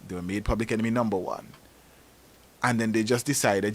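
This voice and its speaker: Animated Antiguan man, low voice. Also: fairly quick. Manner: animated storytelling, rising to emphatic peaks. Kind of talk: casual talk show discussion.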